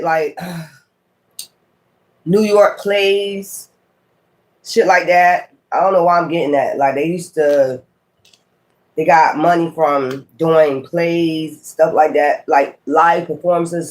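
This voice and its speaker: A man, giving a casual tarot reading, musing aloud with sudden exclamatory asides. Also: fairly high pitch. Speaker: tarot reader.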